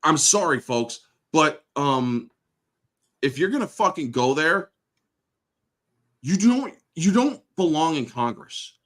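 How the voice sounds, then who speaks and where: A man hosting his own show, ranting bluntly and swearing at nearly every turn. His voice sits a little higher than most men's and swings widely in pitch as he works himself up, with a sarcastic edge throughout. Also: very animated, takes it slowly, long pauses, a bit bright. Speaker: host. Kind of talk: profane political rant.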